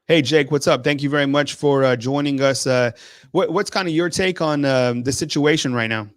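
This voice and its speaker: A man's voice: mid-range voice, moderate pace, dry recording. Hesitant male sports show host, dry sound. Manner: hesitant, many fillers and restarts.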